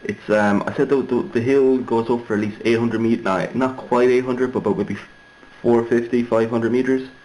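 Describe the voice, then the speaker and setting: A man's voice: mid-range voice, fairly even intonation, normal speed, darkish tone, rough recording. A young Irishman telling a story casually, rambling and digressive with many fillers and restarts. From Ireland. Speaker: vlogger.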